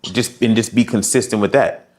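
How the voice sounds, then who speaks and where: A man's voice: lowish voice, fairly even intonation, moderate pace, a little mellow. A man working as a fitness coach, giving direct, encouraging advice and talking through examples. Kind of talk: coaching session.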